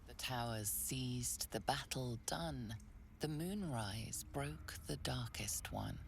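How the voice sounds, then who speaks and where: A woman voicing an ominous, knowing game narrator, speaking in a low, breathy tone with measured, solemn delivery. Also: lively intonation, a little hiss or hum, full character voice. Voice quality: low gravelly voice with breathy whispered rhymes.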